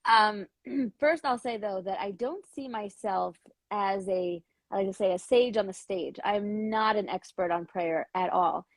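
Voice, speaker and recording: A woman with a slightly rough morning voice speaks in a mid-range pitch, close to the mic and dry. She talks hesitantly, with fillers, spelling out her points slowly as a guest in a casual chat. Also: no room sound. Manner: hesitant with many fillers, slow deliberate listing. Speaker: educator and author, guest. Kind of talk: casual video-call interview.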